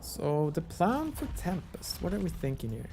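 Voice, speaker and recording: A man's voice: on the high side, very animated, normal speed, creaky, dark tone, faint music behind. A man giving casual color commentary on an esports match, thinking aloud. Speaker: esports analyst co-caster.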